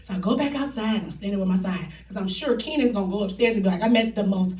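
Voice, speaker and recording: A woman telling a comic true story live on a theater stage, animated and laughing, in colloquial speech. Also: mid-range voice, rapid-fire, a crowd in the background. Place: theater stage before an audience. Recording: echoey theater, distant mic.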